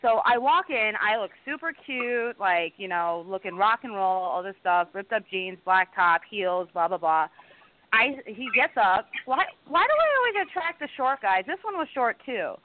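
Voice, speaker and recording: A young woman guest telling a bad-date story in casual chat, animated and swearing. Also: medium pitch, moderate pace, dry recording. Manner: animated, swearing, acting out quotes. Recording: tinny phone-like line.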